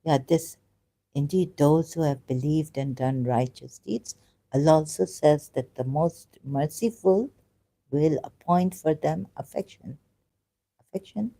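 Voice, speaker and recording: Reading scripture and commenting casually, this ex-Muslim commentator speaks in a low, mellow woman's voice. Emotion breaks into her delivery, which halts often, fills gaps with fillers, and seems to search out loud.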